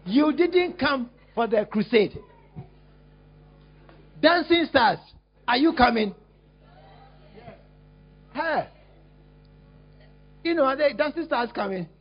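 A man preaching a lively sermon as a pastor, teasing and exclaiming at his congregation while acting out a scene. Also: very high voice, takes it slowly, pauses often, slightly rough. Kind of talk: lively sermon with acted-out demonstration. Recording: dull lo-fi recording.

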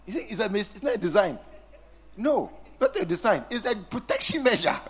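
A man's voice: high-pitched, very animated, brisk, breathy edge. A man preaching a sermon, teasing and acting out scenes with his congregation. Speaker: pastor.

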